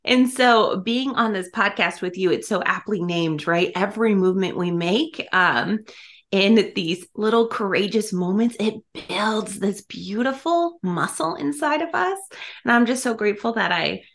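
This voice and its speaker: Effusive woman guest on a podcast, chatty and warm in tone, laughs through her lines, mid-range voice. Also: medium pitch, measured pace. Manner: effusive, laughs often while talking. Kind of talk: casual podcast interview.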